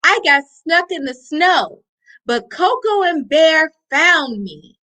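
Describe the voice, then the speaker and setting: A woman voicing a young lost baby deer in a storybook, calling out in high plaintive cries. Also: big pitch swings, slow, sharp tone, full character voice. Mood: relieved.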